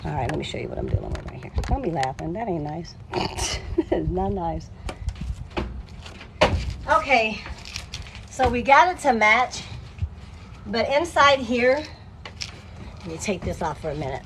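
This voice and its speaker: A woman's voice: mid-range voice, big pitch swings, a little slow, long pauses. A woman chatting casually in a DIY vlog, swearing freely and poking fun at herself. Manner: salty, self-deprecating, swears freely. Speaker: vlogger. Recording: loud background noise.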